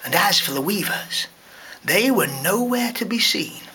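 A man, a parent, reading a fairy tale aloud to a school class in a lively, expressive way. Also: high-pitched, measured pace, a little hiss or hum. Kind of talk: storybook read-aloud.

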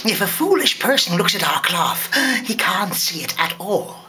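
A man's voice: high-pitched, very animated, bright, forceful tone, faint music behind, full character voice. A man doing sly scheming storybook weavers. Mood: sly, fawning. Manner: slow, sly, fawning. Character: two sly wicked male weavers, scheming.

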